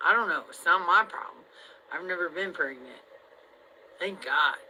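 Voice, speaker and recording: A woman vlogger venting to her viewers in a rambling, heavily profane monologue that swings between loud outbursts and low mutters. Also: animated, moderate pace, a little hiss or hum, low-quality recording.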